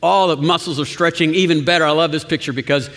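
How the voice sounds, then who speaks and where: A man's voice: on the high side, quick pace, a bit bright. A man preaching a sermon as pastor, talking in a conversational way with chuckles and restarts. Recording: long reverb of a church hall.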